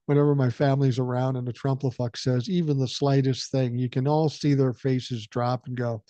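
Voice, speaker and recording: Man in his sixties, podcast host, reads emails, blunt joking asides, mellow dark tone, dry muffled sound. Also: medium pitch, little pitch movement, moderate pace, no echo. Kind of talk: reading listener emails aloud with commentary.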